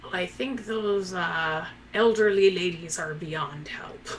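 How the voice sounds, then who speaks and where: Woman player, lowish voice, playful, faint noise behind. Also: takes it slowly, poor audio. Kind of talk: playing a tabletop game.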